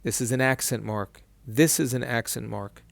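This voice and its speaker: A man's voice: medium pitch, creaky, no echo. Patient male teacher sounding out syllables. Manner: patient, repeats each syllable slowly. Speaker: Hebrew reading teacher. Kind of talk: whiteboard lesson.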